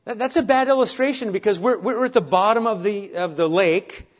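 Man, pastor mid-sermon, earnest and questioning, somewhat high voice, muffled church recording. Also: brisk. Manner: earnest preaching with rhetorical questions and self-deprecating asides.

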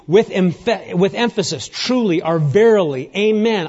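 A man preaching a sermon, emphatic and rousing, sometimes dropping to a hushed near-whisper. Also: sits high, lively intonation, unhurried, few pauses, dull audio. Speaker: pastor.

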